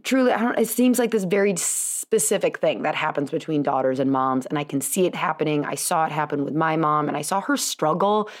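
A woman in her thirties hosts her own podcast with a slightly low, easy voice. She rambles through a personal story in a chatty, self-deprecating way, laughing at herself often. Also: fairly quick, few pauses. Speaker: podcast host, chiropractor. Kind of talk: casual storytelling monologue.

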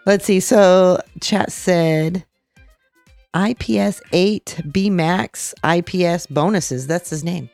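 A woman's voice: fairly low pitch, takes it slowly, creaky, a little mellow, dry recording, faint music behind. A woman co-hosting a podcast, sick and congested, chatting in an easygoing, agreeable way. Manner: easygoing, agreeable, reads chat comments. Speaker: podcast co-host. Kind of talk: casual chat.

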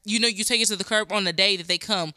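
A woman in her thirties co-hosting a podcast, chatting casually and throwing in quick, teasing remarks. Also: medium pitch, pushed and bright, dry recording. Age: 30s. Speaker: podcast co-host. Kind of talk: casual chat.

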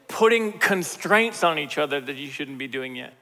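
A middle-aged male pastor preaching in a large church hall, his voice pitched high and bright, with a long reverb trailing his words. He talks casually and jokes, slipping into the voices of people he quotes. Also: moderate pace, hardly any pauses. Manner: conversational and joking, acts out quoted voices. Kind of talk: sermon.

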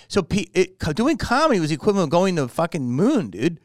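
A man's voice: high-pitched, very animated, quick pace, a little mellow, no room sound, studio quality. A man from Philadelphia, a comedian, telling profane stories in a casual podcast chat. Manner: profane, storytelling. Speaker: comedian guest.

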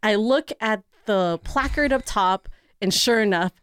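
A young adult woman co-hosting a podcast, telling a story in an animated way and laughing often mid-sentence. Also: mid-range voice, unhurried, clear, resonant tone, dry recording. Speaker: podcast co-host. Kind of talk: casual chat, storytelling.

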